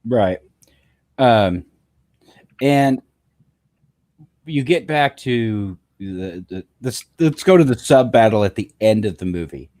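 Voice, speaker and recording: A man's voice: fairly low pitch, lively intonation, takes it slowly, long pauses, darkish tone. A man as a guest on a casual movie review chat, hesitant with many ums and false starts.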